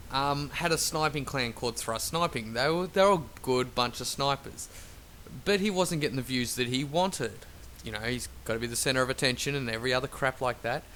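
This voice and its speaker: A man's voice: mid-range voice, a bit bright. A man giving an angry, profane, rambling rant over gameplay as a gaming video maker. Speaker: gaming YouTuber. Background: faint traffic noise.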